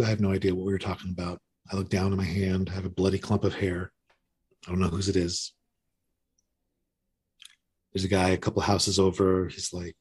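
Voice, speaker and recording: A man's voice: low-pitched, level tone, fairly quick, pauses often, darkish tone, slightly rough. A man in his fifties telling his recovery story in a candid, self-mocking way, full of restarts. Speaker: podcast guest. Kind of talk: recovery story told in casual conversation.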